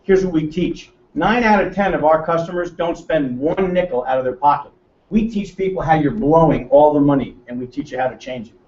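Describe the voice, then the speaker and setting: Brisk and a little mellow, a brash American man with a high voice runs a seminar, joking and ribbing the live audience with questions. He sounds far from the microphone in a roomy meeting room, and the recording is dull.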